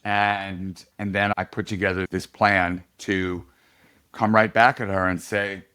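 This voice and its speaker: A middle-aged man, a political candidate, telling a story in a casual podcast interview, animated and laughing often. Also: low voice, measured pace, clean tone.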